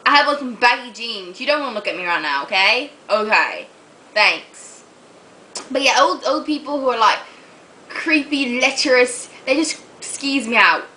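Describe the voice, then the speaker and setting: A young woman with a high, bright voice rants straight into her camera, chatty and animated, swearing freely as she tells her stories. Her voice comes through a built-in camera mic, with faint room noise behind it. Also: normal speed, poor audio. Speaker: vlogger. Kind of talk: casual rant to camera.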